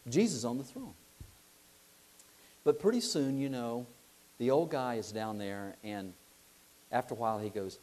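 A middle-aged man preaching a sermon, telling a lively story, acting out voices and asking his listeners questions. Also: mid-range voice, measured pace, long pauses, slight background noise.

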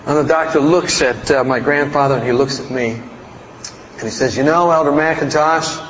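A man's voice: medium pitch, normal speed. Folksy preacher man in an echoing hall. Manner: folksy, rambling, self-mocking humor. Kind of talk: storytelling sermon. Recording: roomy hall, dull sound, faint noise.

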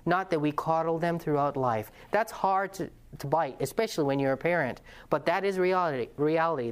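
A man preaching a lesson to a congregation, passionate and earnest, telling stories and putting questions to the audience. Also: a little high. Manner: conversational storytelling with restarts. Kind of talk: sermon-style lesson to a congregation.

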